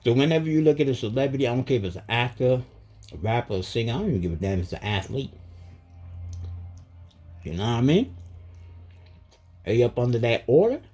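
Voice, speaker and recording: A man vlogging in a casual, emphatic rant full of street slang, with a husky voice. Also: mid-range voice, very animated, brisk, long pauses, warm tone, soft background music. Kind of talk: casual monologue.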